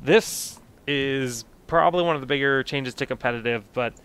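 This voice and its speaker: A man hosting a casual panel chat, explaining changes in an animated, emphatic way. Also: medium pitch, normal speed, clear, resonant tone, dry recording. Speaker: podcast host. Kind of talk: casual panel chat about a game patch.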